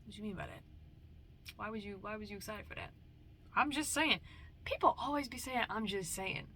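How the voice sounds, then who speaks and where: Playful rambling young woman, bright voice. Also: medium pitch, normal speed, a little hiss or hum. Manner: rambling, playful, swings into whispers. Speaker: vlogger. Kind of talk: casual chat.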